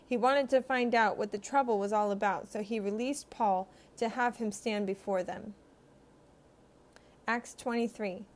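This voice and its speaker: Woman reading scripture, higher voice. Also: darkish tone. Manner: measured, earnest storytelling. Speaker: scripture reader.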